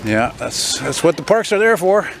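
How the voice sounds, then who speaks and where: An older man vlogging as he walks a city street, rambling and opinionated, a self-described loudmouth. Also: a little high, big pitch swings, moderate pace, creaky. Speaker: walking vlogger. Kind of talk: casual walking commentary. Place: city street outdoors, walking. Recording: street noise behind.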